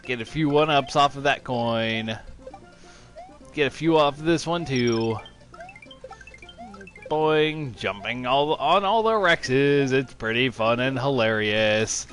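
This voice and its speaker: A man's voice: medium pitch, unhurried, fairly bright tone, soft background music. A man narrating his gameplay with sarcastic, mock-enthusiastic commentary. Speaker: let's-play commentator.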